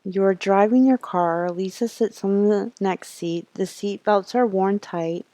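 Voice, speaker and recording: A woman's voice: mid-range voice, a little slow, mellow, no echo, low-quality recording. A woman streamer reading a horror game's text aloud, adding her own asides and laughs. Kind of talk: reading a game aloud live.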